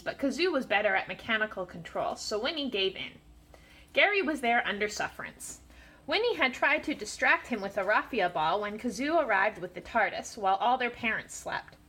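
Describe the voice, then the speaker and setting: A woman storyteller giving an animated storybook reading aloud. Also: a little high, breathy edge.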